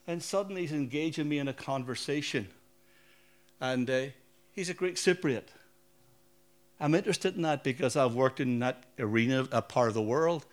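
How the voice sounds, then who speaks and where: Northern Irish preacher, conversational. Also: male voice, medium pitch. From Northern Ireland. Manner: conversational, anecdotal, asks the audience questions. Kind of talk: sermon with personal stories.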